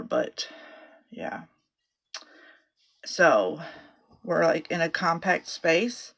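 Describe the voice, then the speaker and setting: A middle-aged makeup vlogger chats casually through a tutorial from a small closet serving as her home office, rambling and swearing freely. Her low-pitched voice is expressive, creaky and fairly bright, and she speaks extremely slowly.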